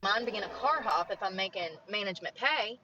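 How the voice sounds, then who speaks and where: A woman's voice: medium pitch, animated, a little fast, sharp tone, slight background noise. A woman in her late thirties chatting casually and frankly to viewers in a plain, rambling way. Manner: plain-spoken, rambling, frank about money. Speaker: streamer on a watched stream. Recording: dull lo-fi stream audio.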